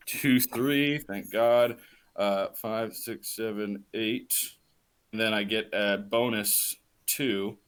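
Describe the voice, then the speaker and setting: A man's voice: on the low side, a little hiss or hum. A man playing a tabletop game, upbeat, counting out his dice rolls. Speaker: player. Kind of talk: casual tabletop play.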